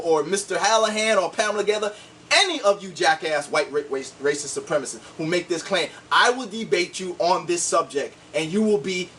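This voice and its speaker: A man's voice: sits high, a bit bright, far from the mic. A man delivering a heated, combative video rant, insulting his opponents and repeating "see?" to drive his points home. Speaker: online commentator.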